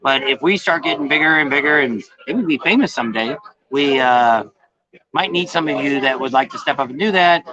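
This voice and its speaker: A man's voice: fairly high pitch, fairly quick, lo-fi sound, crowd noise. A man hosting a casual live-stream travel vlog, rambling and folksy, often correcting himself. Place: noisy bar with a crowd.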